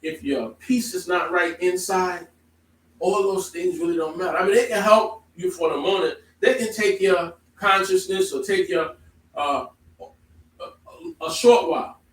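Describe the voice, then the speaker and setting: A man preaching a sermon to a congregation, emphatic, moving from calm explaining to loud exclamations. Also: high voice, measured pace. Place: congregation hall. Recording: echoey room, from far off.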